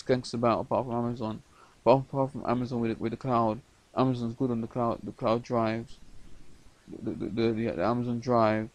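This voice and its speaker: A man's voice: medium pitch, a little mellow, poor audio. A man rambling through a late-night video diary, stumbling over words with many repeats and restarts. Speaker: vlogger.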